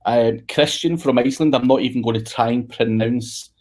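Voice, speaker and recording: A man hosts a podcast in a relaxed, chatty way, joking around and swearing casually. His pitch sits in an ordinary middle range. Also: moderate pace. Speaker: podcast host.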